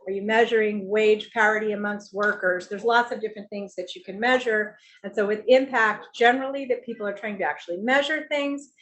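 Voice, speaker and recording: A woman speaking as a family office CEO on a finance panel, explaining in a measured way. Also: mid-range voice, steady tone, a bit bright, a little hiss or hum, low-quality recording. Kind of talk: panel discussion.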